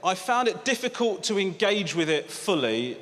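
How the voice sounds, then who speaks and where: A deadpan man, grumbling through a stand-up set and slipping into other people's voices. His voice sits a bit high and rings out through a big theatre's long reverb. Loud crowd noise runs under him. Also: moderate pace. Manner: deadpan, mock-grumpy, acts out voices. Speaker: stand-up comedian. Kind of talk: stand-up routine. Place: large theatre on stage. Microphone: handheld stage mic.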